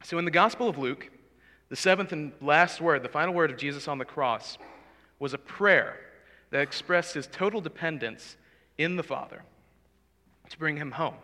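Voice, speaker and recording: A man's voice: on the high side, normal speed, sharp tone. A young man preaching a sermon in a church, earnest and conversational, asking the congregation questions. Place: church sanctuary. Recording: long hall reverb.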